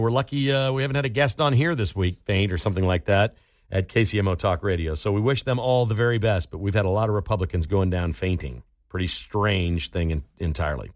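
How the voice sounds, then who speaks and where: A male talk radio host in a casual monologue, full of sudden high swoops of pitch as he tells a story. He speaks into a studio microphone, and the sound is close and dry, with no room echo at all.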